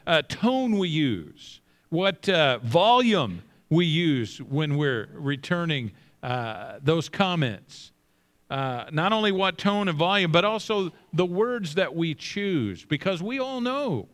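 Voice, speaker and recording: A middle-aged male pastor preaching with emphasis, slowing down and repeating phrases, dropping his voice low for scripture. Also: fairly bright tone. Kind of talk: sermon.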